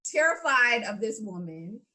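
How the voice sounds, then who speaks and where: Bright high-voiced woman chatting. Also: unhurried. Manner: animated, laughs often, quotes reactions. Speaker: podcast co-host. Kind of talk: casual recap chat.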